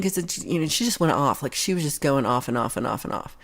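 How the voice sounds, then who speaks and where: A woman's voice: low voice, lively intonation, quick pace, few pauses. A woman hosting a livestream, telling a long story in a casual, rambling way with many restarts. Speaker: livestream host.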